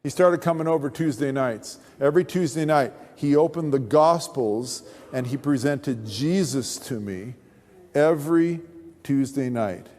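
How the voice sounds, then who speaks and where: Animated man telling a story from the pulpit. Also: medium pitch, normal speed, hardly any pauses. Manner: animated storyteller who acts out voices. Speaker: pastor. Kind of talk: sermon testimony. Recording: long reverb of a large hall.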